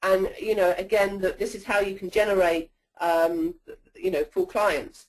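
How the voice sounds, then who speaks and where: A woman's voice: mid-range voice, steady tone, normal speed, low-quality recording. A woman presenting a sales-training webinar in a coaching tone, often checking in with "okay?".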